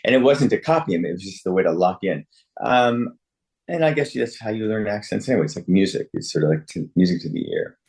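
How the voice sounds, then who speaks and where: A man in his sixties, an actor speaking as a guest over a video call, animated and often correcting himself with laughs. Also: on the low side, quick pace. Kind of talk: remote interview.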